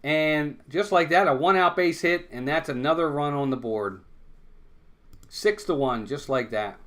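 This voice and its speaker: A man's voice: on the high side, unhurried, a bit bright. A man hosting a fan watch-along stream, calling baseball play-by-play and insisting on his points over and over.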